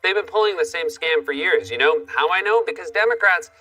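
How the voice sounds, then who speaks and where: Late-night comic host, quick and bright, sarcastic monologue, faint music under. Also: male voice, fairly high pitch, lively intonation, distant mic, low-quality recording. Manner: sarcastic, punchy delivery. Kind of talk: comedy monologue.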